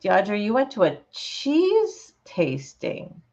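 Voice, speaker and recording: A woman hosting her channel, chatting casually with her viewers and reading their comments, relaxed and quick to laugh. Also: medium pitch. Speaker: channel host. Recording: slightly dull lo-fi sound.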